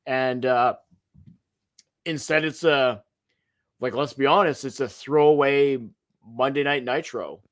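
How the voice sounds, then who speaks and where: Male podcast co-host, average pitch, emphatic and animated, trips over restarts. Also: slow, long pauses. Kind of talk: casual wrestling history chat.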